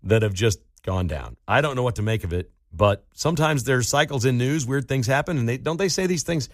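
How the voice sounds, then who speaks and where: A male talk radio host in a casual monologue, full of sudden high swoops of pitch as he tells a story. He speaks into a studio microphone, and the sound is close and dry, with no room echo at all. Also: animated, a little fast.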